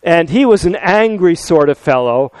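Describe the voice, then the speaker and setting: High-voiced older man preaching. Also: normal speed, clear, resonant tone, dry recording, low-quality recording. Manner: earnest, animated preaching with rhetorical questions. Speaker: pastor. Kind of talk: sermon.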